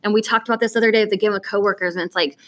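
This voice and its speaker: A middle-aged woman, a former teacher and school administrator, talking in a casual conversation and telling animated stories with acted-out quotes. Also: mid-range voice, very fast.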